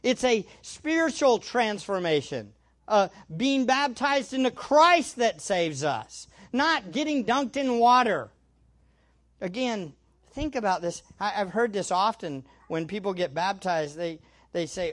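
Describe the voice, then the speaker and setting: A preacher delivers a sermon in a church room, taking an unhurried, deliberate pace. The voice sits at a middle pitch and leans hard on key words. Questions go out to the room and come back answered. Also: animated. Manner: emphatic, asks rhetorical questions and answers them. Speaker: pastor. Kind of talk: expository sermon.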